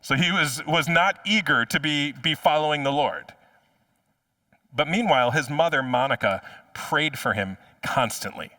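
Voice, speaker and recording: Bright-voiced male pastor preaching. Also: fairly high pitch, moderate pace, no echo, recorded from a distance. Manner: conversational, often repeats words as he restarts. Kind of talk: sermon. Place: church.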